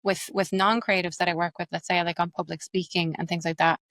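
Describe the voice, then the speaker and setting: An Irish woman explains accent work with quick, lively energy, using examples. Her voice sits a little low. The sound is close and dry. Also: no echo. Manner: fast, animated, explains with examples. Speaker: accent coach and actress, guest. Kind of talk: explanatory interview talk.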